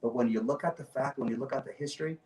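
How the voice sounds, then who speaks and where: A man's voice: medium pitch, fast, darkish tone, reverberant, recorded from a distance, rough recording. A man speaking as a guest on a talk show, passionate and emphatic, often repeating his phrases. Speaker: guest activist. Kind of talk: impassioned talk show speech.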